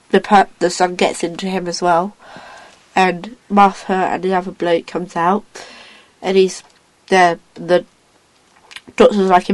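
A woman in casual chat, retelling a story in a rambling, excitable way, acting out lines as she goes. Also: fairly low pitch, poor audio.

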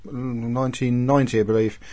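A man's voice: mid-range voice, little pitch movement, fairly quick, warm tone. Eager man hosting. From England. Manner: eager and enthusiastic, tends to get carried away. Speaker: podcast host. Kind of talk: casual interview chat.

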